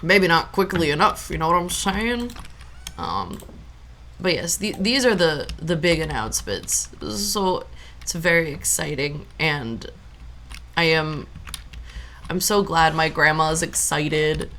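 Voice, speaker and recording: A woman's voice: low-pitched, animated, slow, sharp tone, a little hiss or hum. A young adult woman streaming a farming game, chatting casually in a rambling way with lots of fillers.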